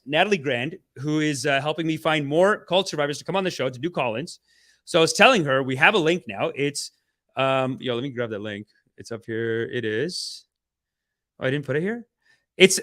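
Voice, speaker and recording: A man hosting a livestream podcast, talking in energetic slang and playful mock-spiritual preaching, with big swings in loudness. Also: a little high. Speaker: podcast host.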